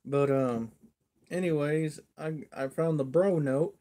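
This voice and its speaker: A man's voice: a little high, slow, warm tone. A man hosting a casual livestream, telling a rambling folksy story and chuckling often. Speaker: livestream host.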